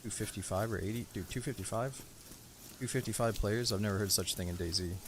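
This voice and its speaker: A game streamer, a man with a fairly low voice, talks through his session in a relaxed, rambling way. He thanks viewers and chats with teammates, and a faint hiss sits under his voice. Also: fast talker. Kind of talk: casual live-stream chat while playing.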